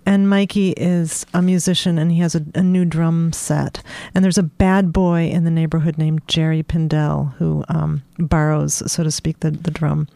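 Mellow-voiced author, halting then reading aloud. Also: female voice, deep voice, flat delivery, gravelly, no echo. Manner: hesitant with many fillers in talk, measured when reading. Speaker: author reading her novel. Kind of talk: conversation and book reading.

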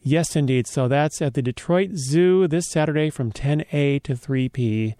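A man's voice: fairly high pitch, a little slow, mellow, no echo. A man hosting a college radio show, chatting casually with loose, joking asides from a studio mic.

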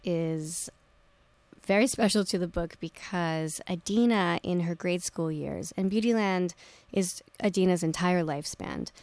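A woman novelist with a Philadelphia accent, chatting in a radio studio interview with quick, self-deprecating asides. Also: lowish voice, a little mellow, no echo. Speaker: novelist guest.

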